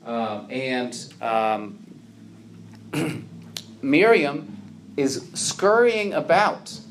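A man's voice: mid-range voice, very slow, a little hiss or hum. A man preaching a sermon to his congregation, earnest, asking rhetorical questions and building to emphatic peaks. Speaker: pastor.

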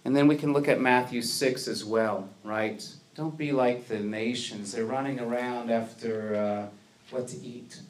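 Delivering a sermon to his congregation, this pastor speaks a little slowly in a medium-pitched, steady voice. His earnest preaching leans on rhetorical questions and rises to emphatic peaks.

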